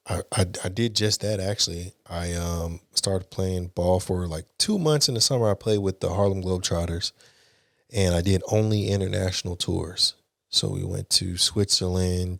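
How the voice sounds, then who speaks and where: Young adult man, podcast guest; low voice, dry close sound, candid and animated storytelling. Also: dry recording. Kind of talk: casual storytelling.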